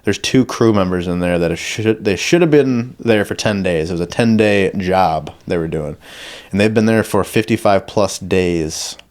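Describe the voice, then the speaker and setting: A man's voice: low voice, normal speed, darkish tone. A man hosting a podcast, telling stories in a loose, profane, casual way. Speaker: podcast host. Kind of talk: casual chat.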